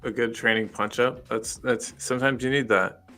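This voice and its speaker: A man's voice: mid-range voice, fairly even intonation, normal speed, pushed and bright, faint music behind. An American man with a fairly neutral accent, co-hosting a casual livestream with short, upbeat interjections. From United States. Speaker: co-host.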